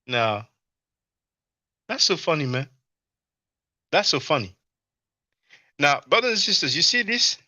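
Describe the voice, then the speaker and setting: A man's voice: fairly high pitch, very animated, a little slow, long pauses, pushed and bright, no echo, clean studio sound. A man hosting a casual livestream, laughing often and reading chat comments aloud to answer them. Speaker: livestream host. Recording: dull, lo-fi stream audio.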